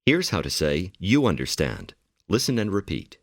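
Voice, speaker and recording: A man giving calm, measured instructions as the narrator of a language course. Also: low-pitched. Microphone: studio mic.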